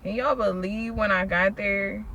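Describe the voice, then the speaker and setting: A woman shares her story of faith in a relaxed, unhurried way, with casual slang and lively storytelling. She speaks at a slow pace. A faint hiss of noise sits behind her voice. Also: medium pitch. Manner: animated storytelling, acts out quoted people, slangy. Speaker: faith vlogger. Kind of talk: casual testimony vlog.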